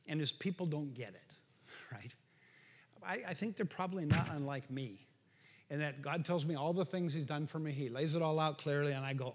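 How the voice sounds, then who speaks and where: A middle-aged male pastor giving a conversational sermon that rises to bursts of shouting for emphasis. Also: fairly high pitch, breathy edge. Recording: reverberant hall.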